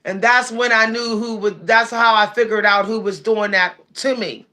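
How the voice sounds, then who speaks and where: Bright-voiced woman chatting on a livestream. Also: fairly high pitch, steady tone, normal speed. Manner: chatty, reads viewer comments aloud. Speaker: livestream host. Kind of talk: casual livestream chat.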